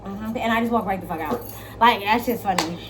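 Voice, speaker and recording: A young woman vlogger giving dating advice in a brash, profane, playful monologue, swinging from loud to hushed. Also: medium pitch, fast talker, background noise. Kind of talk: casual storytelling monologue.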